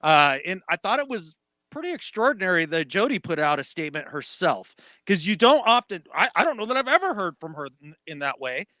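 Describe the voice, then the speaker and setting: A man co-hosting a casual sports podcast, animated and acting out quotes in mock voices. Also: high-pitched, fairly quick, no echo. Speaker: podcast co-host.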